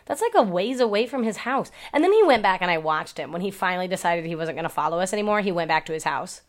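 A woman dog trainer chats casually on a podcast, her voice sitting a little low. She tells stories in a loose, profane way, swearing freely and leaning on "like" and "um". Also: animated, quick pace. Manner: profane, chatty storytelling with many fillers.

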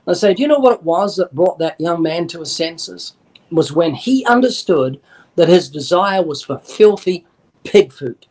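A man's voice: on the high side, expressive, moderate pace, a little mellow. A man being interviewed as an evangelist, explaining in an earnest, emphatic preaching style and acting out little dialogues. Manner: earnest, emphatic, quotes scripture and acts out dialogue. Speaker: evangelist guest.

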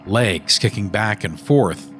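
Slow, low-voiced male horror narrator. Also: music in the background. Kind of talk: first-person horror story narration.

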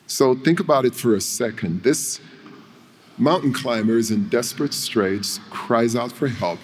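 A male preacher delivering a sermon, telling a story with dramatic pauses. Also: mid-range voice. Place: church. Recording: long reverb of a church hall.

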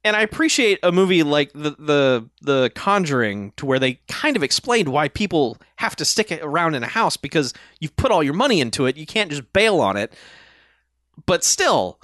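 A man's voice: fairly high pitch, normal speed, no echo, clean studio sound. A man co-hosting a podcast, recapping a horror film in casual chat, laughing often and acting out lines. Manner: animated, laughing, swearing, acts out quotes. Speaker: podcast co-host.

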